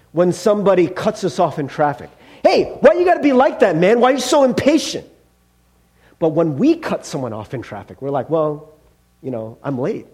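A man's voice: high-pitched, mellow, breathy edge. A male pastor preaching a sermon in a conversational way, often checking in with "right?" and acting out angry drivers. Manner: acts out angry driver outbursts.

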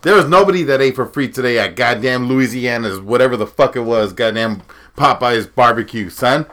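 A man's voice: mid-range voice, a little fast, fairly bright tone. A man co-hosting a podcast in casual chat, profane and trash-talking, laughing often. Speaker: podcast co-host.

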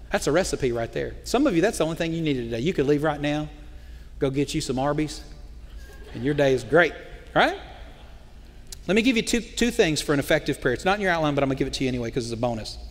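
A middle-aged man preaching a lively sermon with a high voice for a man. He keeps firing rhetorical questions at the congregation and slips into the voices of the people he quotes. The long reverb of a church hall trails after his words. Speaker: pastor.

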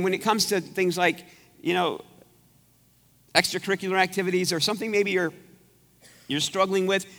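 In an echoey church sanctuary, a male pastor with a high, fairly bright voice gives a conversational, rambling sermon, frequently breaking off and starting his sentences again.

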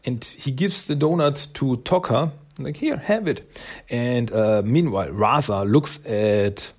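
A man talks through a comic book's story at an unhurried crawl. His voice is gravelly and a bit husky, and he rambles with plenty of fillers. He slips into the characters' lines as he goes. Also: medium pitch, darkish tone. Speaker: comic book reviewer. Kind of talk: casual recap of a comic.

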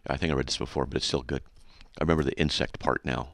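A man hosting a radio show, reading a hostile letter aloud and mocking it with sarcastic, rambling, deadpan asides. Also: extremely low pitch, unhurried, gravelly, long pauses, dry recording, studio quality.

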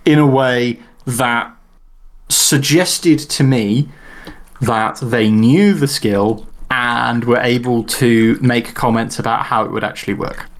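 A man co-hosting a tabletop game podcast, explaining tactics in a measured, careful way. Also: medium pitch. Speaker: podcast co-host. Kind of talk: casual chat.

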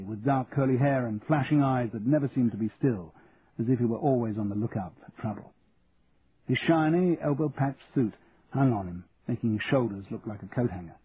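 A man narrates a book in a measured, steady voice of middling pitch. The recording is narrow and phone-like. A faint hiss sits behind him. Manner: measured and even. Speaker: audiobook narrator. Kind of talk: scripted narration.

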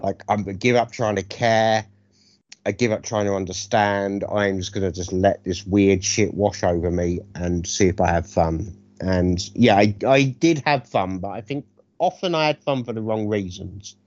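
A man co-hosting a film review chat, animated, sarcastic and freely profane. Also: on the low side, normal speed, highs cut off. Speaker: podcast co-host reviewing films.

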